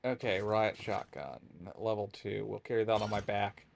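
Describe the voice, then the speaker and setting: A man streaming a video game live, muttering to himself and bursting into excited shouts. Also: fairly low pitch, normal speed, gravelly, a little hiss or hum. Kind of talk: live let's-play commentary.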